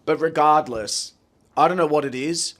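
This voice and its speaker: A man's voice: on the high side, normal speed, a bit bright. A man co-hosting a podcast, blunt and a bit riled up as he rants in casual chat. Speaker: podcast co-host.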